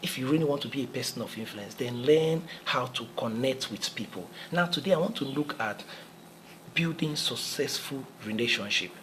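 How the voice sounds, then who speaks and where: A man's voice: mid-range voice, expressive, moderate pace, fairly bright tone, low-quality recording. An earnest male motivational speaker with a mid-range voice talks in a repetitive, preacherly way, often circling back over his own phrases. A faint hiss sits under the recording. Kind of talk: motivational talk.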